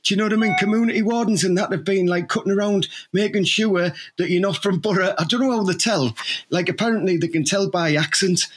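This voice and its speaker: A man's voice: sits high, fast talker, breathy edge. A man with a Teesside accent, telling rambling jokey anecdotes in casual chat. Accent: Teesside English. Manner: rambling anecdotes, acts out mock quotes. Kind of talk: casual banter.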